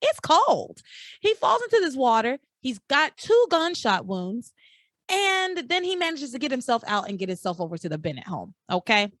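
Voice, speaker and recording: A higher-pitched woman who talks with lively swings in her voice, chatting casually as a podcast host. She retells events with incredulous, mock-outraged energy. The sound is dry and close to the mic. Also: dry recording. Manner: animated, incredulous storytelling with exaggerated outrage. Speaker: podcast host recapping a soap opera. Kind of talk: casual chat.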